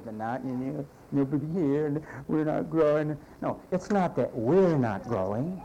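Animated, mellow-voiced preacher man. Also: a little high, normal speed, hardly any pauses, a little hiss or hum, poor audio. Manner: animated, conversational preaching, acts out quoted voices. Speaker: pastor. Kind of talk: sermon.

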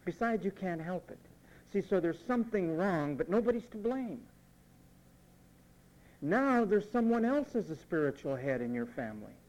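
High-voiced male preacher, emphatic sermon. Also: sing-song, normal speed, a little mellow, rough recording. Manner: emphatic, mimics parents in quoted asides.

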